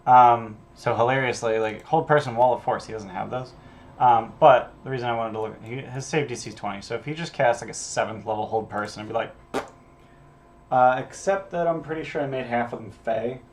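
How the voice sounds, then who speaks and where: A man's voice: medium pitch, brisk. A man running a casual solo prep stream as a game master, thinking aloud and reading adventure text in an offhand way, with some casual swearing.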